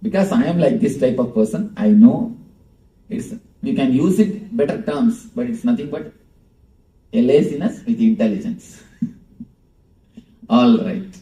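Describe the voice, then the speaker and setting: A man's voice: medium pitch, unhurried, pauses often, warm tone. A man giving a live spiritual talk as teacher, playful and chuckling, talking back and forth with his audience. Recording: roomy echo, distant mic.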